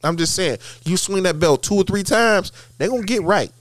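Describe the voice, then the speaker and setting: A man's voice: sits high, moderate pace, no room sound, studio quality. A man in casual chat, telling folksy tales and insisting on his point.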